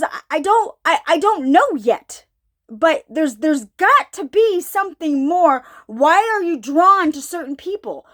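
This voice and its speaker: A woman's voice: extremely high pitch, fairly bright tone. A woman preaching an informal sermon, thinking aloud, often repeating herself and asking her listeners questions. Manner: searching, repeats herself, asks the audience questions.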